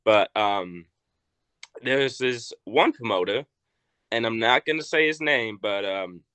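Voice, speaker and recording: Young man from Arkansas, bright voice, dry close sound, animated storyteller, casual guest. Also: a little slow, smooth, no echo. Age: young adult. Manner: animated storyteller, acts out quotes with big pitch jumps. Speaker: wrestler guest.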